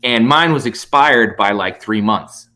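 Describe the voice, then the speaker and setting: A man, a comedian guest on a podcast, telling a story in casual chat, animated and profane, acting out both sides of an exchange. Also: fairly low pitch, measured pace. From United States.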